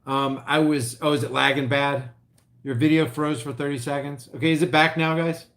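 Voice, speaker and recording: A middle-aged man from Oklahoma, rambling and restarting as he reads live chat on his livestream, his voice swinging between loud and quiet. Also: fairly high pitch, fairly even intonation, normal speed. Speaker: vlogger reading live chat.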